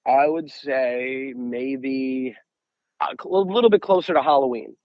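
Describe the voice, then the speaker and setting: Guesting on a podcast, a young U.S. angler spins casual, animated stories at an unhurried pace, frequently saying "I'm like" and imitating whoever he's quoting. His voice is average in pitch, captured in a dry, slightly muffled recording with no echo.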